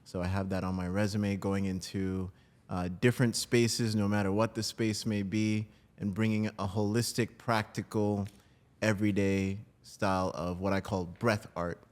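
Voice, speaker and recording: A man from New Jersey, a breathwork practitioner, talking as a guest in a casual interview, animated and quick to laugh. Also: on the low side. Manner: animated, laughs easily, trails into quiet asides.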